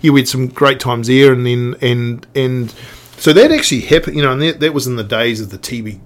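A man's voice: mid-range voice, brisk. A middle-aged man with a New Zealand accent, a guest telling stories in a casual podcast chat, rambling with lots of restarts and fillers. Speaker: guest, snowboard industry veteran.

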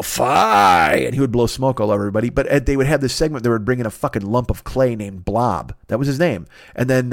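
A man from the Chicago area hosting a podcast alone in his apartment, ranting in a profane, rambling, animated way. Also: mid-range voice, no room sound, studio quality. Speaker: podcast host. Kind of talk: solo comedic rant.

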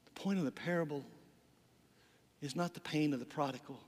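A man's voice: fairly high pitch, brisk, big-room sound. A man preaching a sermon as pastor, telling a story with dramatic delivery and acting out the voices in it.

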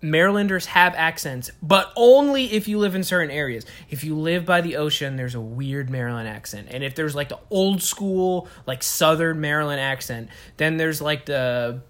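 A woman's voice: low voice, normal speed, few pauses, a bit bright. A young adult woman co-hosting a casual chat, rambling and searching for words as she talks. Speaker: podcast co-host.

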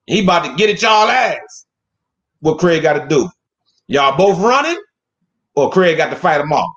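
A man hosting a casual, joking chat, animated and profane, who often acts out other people's voices. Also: a little high, moderate pace. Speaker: podcast host. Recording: echoey dull lo-fi room.

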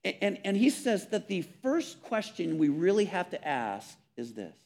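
A man preaching a sermon, earnest and emphatic, repeating words and dropping softly on key phrases. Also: sits high, big pitch swings, moderate pace, vocal fry, hardly any pauses. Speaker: pastor.

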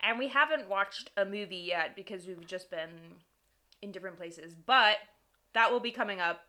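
A woman co-hosting a casual podcast with a bright, ringing voice. She rambles and giggles, often laughing at herself. She talks into a microphone she shares with her co-host. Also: mid-range voice. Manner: giggly, rambling and self-deprecating. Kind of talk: casual chat. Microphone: sharing one microphone.

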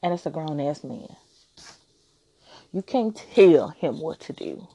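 A woman's voice: deep voice, sing-song, takes it slowly, vocal fry, mellow, slightly rough, no echo. A woman hosting a relationship advice podcast, talking frankly and teasingly in a casual monologue.

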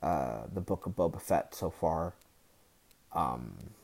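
A man hosting his own podcast, venting in an irritated, deliberately lowered voice with sighs, profanity and halting restarts. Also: expressive, gravelly, darkish tone. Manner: low, deliberately slow annoyed voice with sighs and profanity; halting restarts between outbursts. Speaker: podcast host. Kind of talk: annoyed solo podcast rant.

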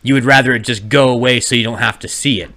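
A man's voice: medium pitch, steady tone, fast, pushed and bright. A man co-hosting a casual podcast, ranting heatedly and swearing a lot. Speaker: podcast co-host.

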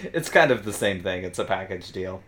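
Brief: woman co-host, strikingly deep voice, lively dry sarcasm. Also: normal speed. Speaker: podcast co-host. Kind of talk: casual banter.

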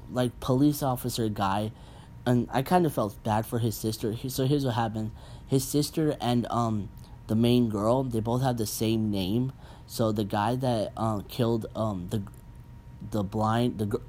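A young man hosting a casual podcast, ranting bluntly and profanely with animated asides. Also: lowish voice, slight background noise. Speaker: podcast host. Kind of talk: casual rant.

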